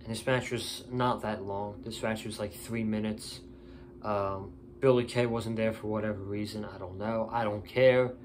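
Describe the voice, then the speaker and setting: A man's voice: lowish voice, fairly even intonation, moderate pace, a little hiss or hum. A tired man giving a casual, opinionated wrestling show review, blunt and ranting.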